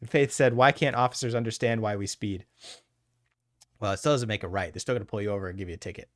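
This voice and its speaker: Blunt, animated man teaching hypnosis. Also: lowish voice, fast, no echo, studio quality. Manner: animated, blunt and profane, answers chat by name. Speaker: hypnotherapist teaching a live class. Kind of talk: casual livestream lecture.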